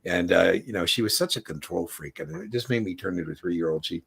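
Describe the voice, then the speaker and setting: A man hosting a casual livestream Q&A as an exam prep coach, chatty and animated, telling stories. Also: low-pitched, fast talker, gravelly, breathy edge.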